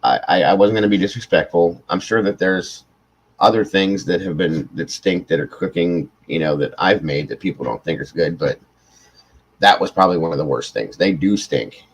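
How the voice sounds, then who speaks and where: A man's voice: low voice, normal speed, husky, low-quality recording. A man hosting a late-night livestream, tired after hours on air, telling rambling, profane stories in casual chat. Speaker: livestream host.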